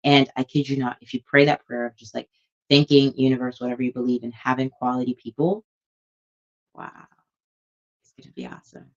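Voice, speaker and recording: A woman's voice: very deep voice, fairly even intonation, a little fast, dull audio. A young woman and stylist chatting casually to camera at home, rambling and enthusiastic. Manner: chatty, rambling, warm with customers. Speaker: vlogger and stylist.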